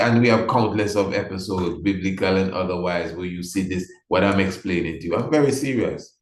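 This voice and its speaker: Deep-voiced male host, earnest and insistent, recorded in a reverberant room. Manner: earnest, repeats himself for emphasis. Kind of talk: impassioned livestream talk.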